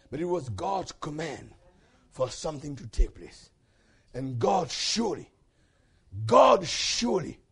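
A man preaching a sermon with passion, swinging from shouted peaks to hushed low passages and calling out questions to the congregation. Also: creaky, husky.

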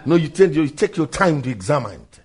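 Male preacher, high and husky; emphatic sermon, repeats lines, swings between low asides and shouts. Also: big pitch swings, fairly quick. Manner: emphatic, repeats phrases, calls out to brother and sister.

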